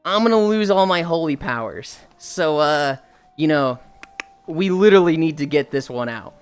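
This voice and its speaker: Woman doing a gruff paladin dude, low and blunt, lively ups and downs. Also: normal speed, faint music behind.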